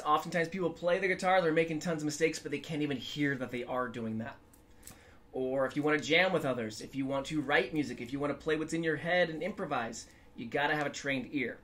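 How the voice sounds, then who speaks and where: A guitar teacher with a slightly high, somewhat bright voice gives a casual lesson. He's upbeat and chatty, now and then singing scales to demonstrate the method.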